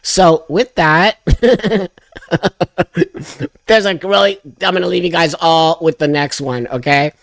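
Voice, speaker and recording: A man's voice: fairly high pitch, slow pace, creaky, fairly bright tone, no room sound. A man hosting a live stream, ranting and mocking, swearing freely and breaking into laughter. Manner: profane, mocking, laughs often.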